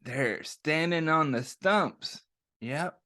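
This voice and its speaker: A man hosting a children's story time, reading a picture book aloud and asking the kids gentle questions as he goes. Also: fairly high pitch, extremely slow.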